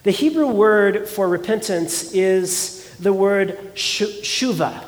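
A man's voice: high-pitched, slow, big-room sound. A man preaching a sermon as pastor, earnest and conversational, often asking his congregation rhetorical questions.

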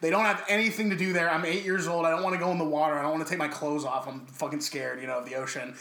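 A man's voice: fairly high pitch, racing, roomy sound. A man co-hosting a casual movie podcast, telling stories with lots of swearing and animation. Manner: animated, profane storyteller. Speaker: podcast co-host.

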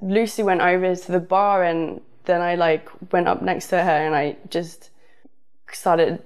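A woman's voice: on the low side, fairly even intonation, unhurried, clear, resonant tone. Southern English woman telling a rambling story. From southern England. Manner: rambling, casual, with frequent fillers. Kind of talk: personal storytelling.

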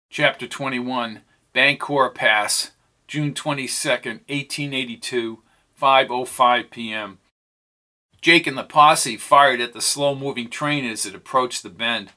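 A man narrating an audiobook in a steady, even storytelling voice. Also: medium pitch, a little slow.

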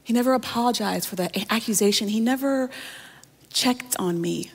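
A woman's voice: on the high side, moderate pace, husky. Woman pastor preaching in a reverberant hall. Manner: storytelling preacher, addresses listeners directly. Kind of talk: sermon.

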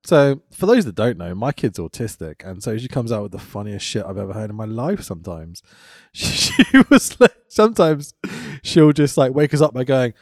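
Animated swearing podcast bloke. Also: male voice, mid-range voice, normal speed, dry recording, studio quality. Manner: chatty, swearing, laughs easily. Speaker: podcast co-host. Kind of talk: casual comedic chat.

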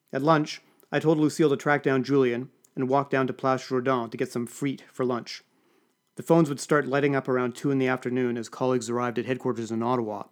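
A man narrating an audiobook with dry, wry storytelling. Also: medium pitch. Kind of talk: scripted narration.

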